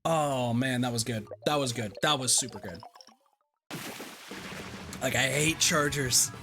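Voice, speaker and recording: A young man giving live gameplay commentary, excitable and swearing as he reacts out loud, over game music. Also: medium pitch, unhurried. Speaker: streamer.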